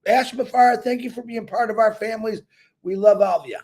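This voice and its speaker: Man with a high voice, fervent, preachy, repeats words for emphasis, motivational livestream talk. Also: brisk, darkish tone. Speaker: company leader on a livestream.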